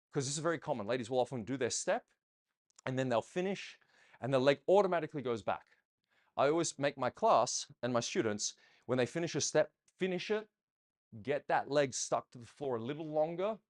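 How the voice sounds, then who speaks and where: A man teaching ballroom dance in a members' Q and A, explaining patiently, counting steps aloud and checking that his listeners follow. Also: mid-range voice.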